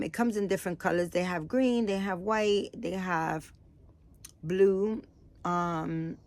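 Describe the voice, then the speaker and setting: A woman's voice: on the low side, darkish tone, a little hiss or hum. A woman chatting casually to camera, tired and rambling with lots of fillers as she shows off her purchases. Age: adult, has a daughter. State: tired, yawning. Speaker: vlogger showing baby doll items.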